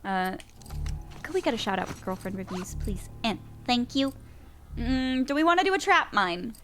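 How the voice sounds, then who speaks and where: A woman's voice: a little high, animated, moderate pace, a bit bright, slight background noise. A woman streaming a game, chatting to viewers and coaxing her character along. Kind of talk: live gameplay commentary.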